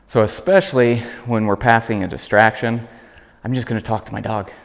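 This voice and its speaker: A man working as a dog trainer, calmly explaining commands while demonstrating them with his dog. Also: fairly quick, gravelly, in a large hall. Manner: calm explaining, high praise voice for dog. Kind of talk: instructional demonstration.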